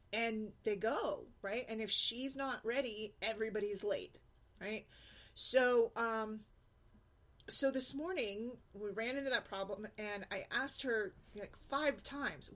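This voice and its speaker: Exasperated mom venting bluntly. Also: female voice, on the high side, moderate pace, fairly bright tone. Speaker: single mom blogger. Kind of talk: casual vlog rant.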